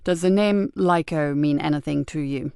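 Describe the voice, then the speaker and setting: Woman doing a low, calm male detective. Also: moderate pace, gravelly, clear, resonant tone, no room sound, studio quality. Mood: measured.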